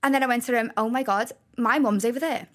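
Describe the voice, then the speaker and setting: A woman in her thirties with a Liverpool accent, a talk show guest telling stories in a lively way, laughing often and acting out what people said. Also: on the high side, quick pace. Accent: Liverpool (Scouse). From Liverpool, England. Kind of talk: casual storytelling chat.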